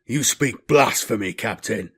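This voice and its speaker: A man's voice: fairly low pitch, unhurried, slightly rough. A man voicing a loyal space marine sergeant who asks shaken, quivering questions. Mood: stricken.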